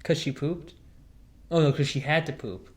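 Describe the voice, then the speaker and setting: A man's voice: on the high side, normal speed. A young man hosting a podcast, telling rambling, jokey stories in casual chat with lots of fillers. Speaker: podcast host.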